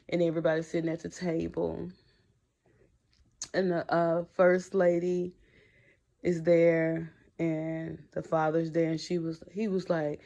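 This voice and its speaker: A woman recapping a TV episode in casual chat, blunt and slangy, talking straight to her viewers. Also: low-pitched. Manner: blunt, slangy and animated, talks to viewers directly. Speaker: TV episode reviewer.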